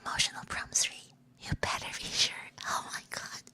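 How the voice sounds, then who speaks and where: A young female VTuber reads role-play prompts aloud in a playful, giggly whisper, tossing in Chinese and Japanese expressions. She keeps a moderate pace with a bright, forceful tone, recorded binaurally on a 3Dio mic.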